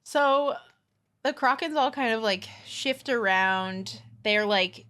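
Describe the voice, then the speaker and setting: A woman co-hosts a podcast in a casual, unhurried way. She talks slowly and recaps the plot in a loose, chatty manner. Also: medium pitch, clean tone. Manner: relaxed, recapping the plot with acted quotes. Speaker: podcast co-host. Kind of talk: casual book discussion.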